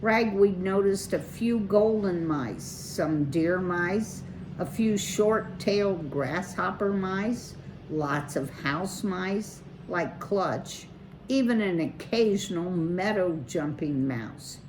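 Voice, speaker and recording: Brief: woman reading a kids' chapter book aloud, unhurried, lowish voice. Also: a little hiss or hum, low-quality recording. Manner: measured, expressive reading. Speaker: children's story reader.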